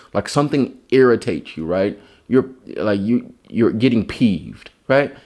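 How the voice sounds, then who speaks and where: A young man hosts his own show alone, talking loosely and cursing freely as he drifts from one thought to the next. His pitch leaps and dips all over the place as he jokes along. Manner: profane, rambling and animated. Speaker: podcast host. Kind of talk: casual comedic monologue.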